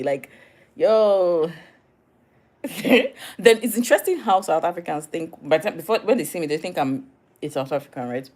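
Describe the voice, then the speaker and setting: Chatty Nigerian woman, low voice. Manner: chatty, animated, laughs often, slips into Nigerian phrases. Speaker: vlogger. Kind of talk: casual diary vlog.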